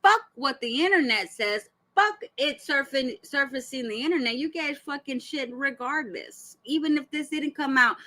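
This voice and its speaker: Lady ranting on her reaction channel, cussing a lot, kinda high sharp voice. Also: poor audio. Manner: blunt, profane and heated; rhetorical questions to the subject. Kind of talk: casual reaction commentary.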